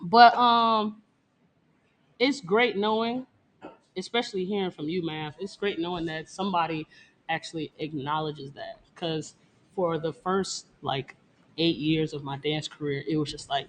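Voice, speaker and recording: A woman's voice: low voice, a little slow, slight background noise. A woman dancer talking bluntly and profanely in a casual interview, laughing often and boasting. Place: Detroit.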